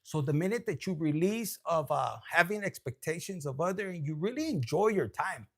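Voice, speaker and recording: A man's voice: fairly high pitch, animated, normal speed. A man giving a casual tarot reading, loose and profane, dropping Spanish slang and laughing often. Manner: laughs often, switches between loud and hushed. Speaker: tarot reader.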